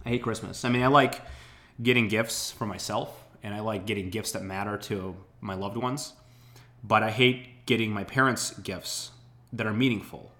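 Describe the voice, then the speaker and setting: A man's voice: fairly low pitch, normal speed, fairly bright tone. A man hosting a podcast, telling a rambling, wry, complaining story while getting over an illness. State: recovering from illness. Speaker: podcast host. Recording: roomy echo.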